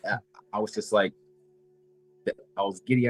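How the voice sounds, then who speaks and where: An eighteen-year-old man chatting casually as a collector guest, halting and filling every pause with "like". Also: fairly low pitch, steady tone, no echo, faint music behind, rough recording. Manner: halting, fills with "like" a lot. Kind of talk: casual chat.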